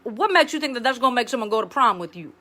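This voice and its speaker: A woman's voice: on the high side, lively intonation, racing, sharp tone. A woman playing a brassy, blunt former schoolteacher in an improvised comedy monologue, sassy and rambling. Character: brassy blunt middle-aged female ex-schoolteacher. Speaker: comedic livestream host character.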